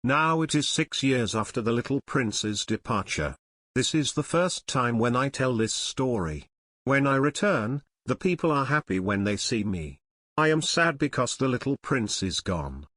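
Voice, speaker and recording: A man's voice: medium pitch, sing-song, normal speed, fairly bright tone, no echo, clean studio sound. A man reading a storybook aloud in simple English, with short, plain sentences. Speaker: audiobook narrator.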